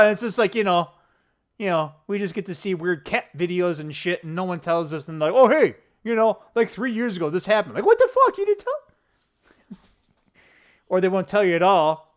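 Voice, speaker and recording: A middle-aged man rambling to camera in a casual political vlog, swearing, laughing often and wandering off on tangents. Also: smooth. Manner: profane, laughing, tangent-prone, animated swings in pitch. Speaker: political vlogger. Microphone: camera close up at a desk.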